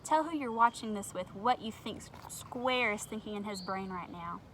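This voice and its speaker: A woman reading a picture book aloud to children at home, gentle and expressive, talking straight to her young viewers. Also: mid-range voice, normal speed, slight background noise.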